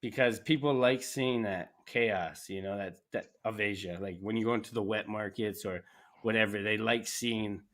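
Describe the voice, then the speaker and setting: A man from Canada chatting casually as a podcast host, rambling and animated, laughing often. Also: lowish voice, normal speed. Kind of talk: casual chat.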